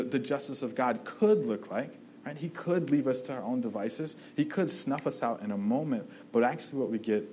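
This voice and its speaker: A man's voice: medium pitch, darkish tone, a little hiss or hum, low-quality recording. Conversational male preacher, often asks "right?". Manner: conversational, often asks 'right?', restarts phrases. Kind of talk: sermon.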